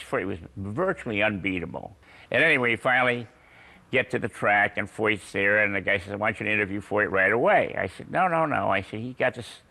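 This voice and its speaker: An older man telling anecdotes in an interview, chuckling and pausing with frequent uhs. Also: lowish voice, bright, forceful tone. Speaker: guest. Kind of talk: storytelling interview.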